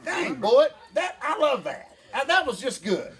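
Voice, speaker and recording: An older man, ranting in a folksy, animated way as co-host of a casual chat. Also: extremely high pitch, moderate pace. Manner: folksy, animated rant with Southern phrasing.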